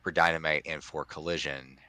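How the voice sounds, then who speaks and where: A man with a very deep, bright voice talks casually as a podcast co-host. He rambles, restarting his sentences and leaning on fillers. The sound is close and dry. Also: level tone, brisk, clear, resonant tone, dry recording. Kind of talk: casual chat.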